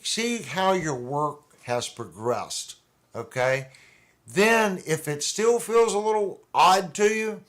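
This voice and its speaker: A man's voice: a little high, fairly bright tone. A man hosting a casual livestream, chatting in a rambling, conversational way with restarts. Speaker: livestream host. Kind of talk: casual chat about guitars.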